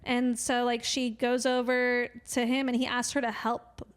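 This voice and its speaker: A woman's voice: on the high side, completely flat delivery, measured pace, clean tone. A woman co-hosting a movie podcast, retelling scenes in casual chat and hedging with fillers. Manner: chatty, hedging with "like" and "you know". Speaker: podcast co-host.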